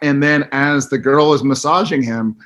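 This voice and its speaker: A man telling a lively anecdote on a video call, dropping to hushed asides and mock voices. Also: medium pitch, normal speed, muffled recording. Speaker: panelist telling a story.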